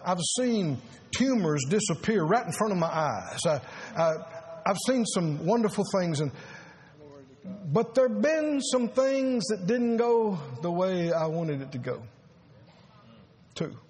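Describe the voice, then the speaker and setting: A man preaching a sermon as pastor, earnest and halting, repeating words and rising to emphasis. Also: high-pitched, big pitch swings, a little mellow.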